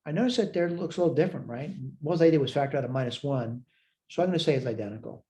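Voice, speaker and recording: A man with a mellow, darker tone walks through a math lecture step by step. He thinks aloud and checks his own work as he goes. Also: on the high side, very fast. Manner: talks through worked steps aloud, self-checking. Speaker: math instructor.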